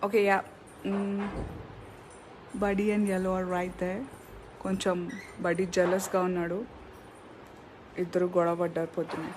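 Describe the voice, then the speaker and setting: A woman's voice: on the low side, little pitch movement, rapid-fire, pauses often, background noise. A woman vlogging with her pet birds, cooing in sing-song baby talk and mixing English with Telugu.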